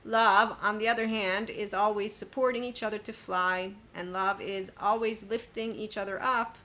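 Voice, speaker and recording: A woman's voice: mid-range voice, steady tone, normal speed, fairly bright tone. A woman hosting a spiritual self-help podcast, talking in an emphatic, chatty monologue. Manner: emphatic, chatty, quoting others with sudden laughs. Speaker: podcast host.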